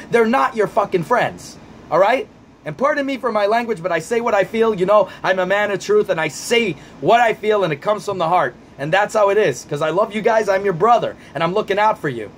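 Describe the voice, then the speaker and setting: A man's voice: sits high, animated, a little fast, slight background noise. A man coaching people through anxiety in a vlog Q&A, answering viewer questions in a blunt, profane, fired-up way and repeating himself for emphasis.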